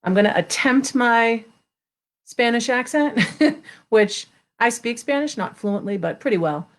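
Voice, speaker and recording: A woman's voice: a little high, lively intonation, a little slow. A woman hosting a live story time, chatting with viewers and then reading a children's tale aloud expressively. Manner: chatty, greets viewers by name, reads expressively. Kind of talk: casual live-stream chat and read-aloud.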